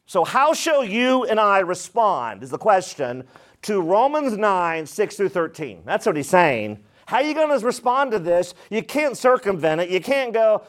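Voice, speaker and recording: Male pastor, high voice, emphatic expository preaching, talks right to the congregation. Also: big pitch swings, moderate pace. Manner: emphatic, repeats phrases for weight; addresses the congregation directly. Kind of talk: expository sermon.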